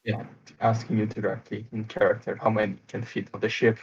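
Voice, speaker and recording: A man playing in a tabletop game, talking in a relaxed, matter-of-fact way. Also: lowish voice, brisk, slightly rough. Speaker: player. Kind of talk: casual tabletop game chat. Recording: muffled lo-fi mic.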